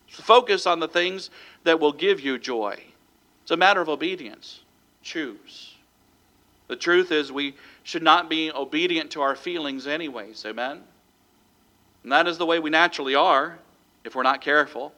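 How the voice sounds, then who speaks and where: A pastor preaches a sermon, reading scripture aloud, breaking it into numbered points, and calling "amen?" to the congregation. His voice is on the high side, pushed and bright, with lively intonation, an unhurried pace, and long pauses.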